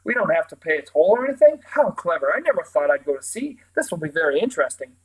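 A man's voice: on the high side, sing-song, fast talker, husky, poor audio. A man voicing a cheerful, pompous male scarecrow who is eager about everything in a storybook reading. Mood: delighted. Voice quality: grand, enthusiastic, oblivious to danger. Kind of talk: storybook read-aloud.

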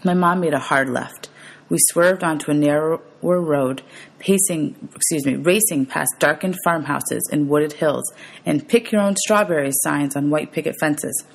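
A woman's voice: deep voice, normal speed, creaky, breathy edge. A woman teacher reading a novel aloud for students, steadily narrating and calling out page numbers.

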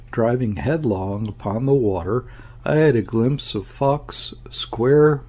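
A man narrating a classic novel as an audiobook, reading in a measured, deliberate way. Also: medium pitch, darkish tone, slightly rough. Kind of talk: scripted narration.

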